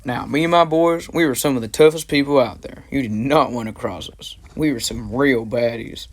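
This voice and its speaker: A man's voice: mid-range voice, normal speed, lightly acted. A young man playing a boastful, slangy tough soldier who narrates in an amateur history comedy sketch. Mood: cocky. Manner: cocky, slangy. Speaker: narrator of a flashback in a school history skit.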